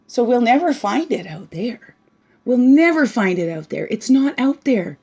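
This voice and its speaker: A woman giving a casual spiritual talk while reading oracle cards, bubbly and chatty, often tagging on "right?" and slipping into soft, hushed asides. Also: on the high side, expressive, normal speed, husky. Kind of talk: casual spiritual teaching monologue.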